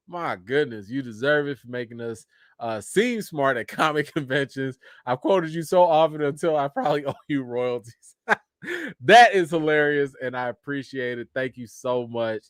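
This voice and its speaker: A man's voice: fairly high pitch, normal speed, no echo, clean studio sound. A man hosting a casual live stream, reading viewer comments aloud and thanking each viewer, with frequent laughs and big rises in his voice. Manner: animated, laughs often, thanks viewers one by one. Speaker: livestream host.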